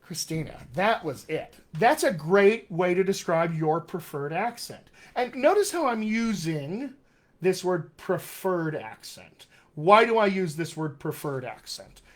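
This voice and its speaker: Brief cheerful male dialect coach, slightly higher voice, live-stream teaching. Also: very animated, measured pace. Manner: upbeat, chatty, encouraging. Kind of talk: live-stream accent lesson reading comments.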